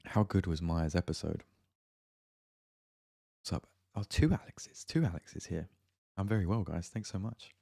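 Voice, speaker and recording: A man hosting a relaxed livestream, chatting casually and greeting viewers by name from his home studio. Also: sits low, measured pace, gravelly, pauses often. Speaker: music producer hosting a livestream. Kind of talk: casual live-stream chat.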